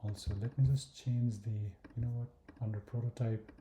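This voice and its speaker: This screen-recorded design walkthrough features a man with a mid-range, mellow voice, flat delivery and normal speed, with slight background noise in an echoey room. Thinking aloud, he hesitates, fills pauses, restarts, and frequently sinks into a mutter or whisper.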